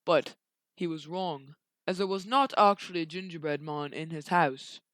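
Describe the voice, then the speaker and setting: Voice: mid-range voice, moderate pace, fairly bright tone, no echo. A young video creator casually retelling a story while drawing, rambling along with slangy asides.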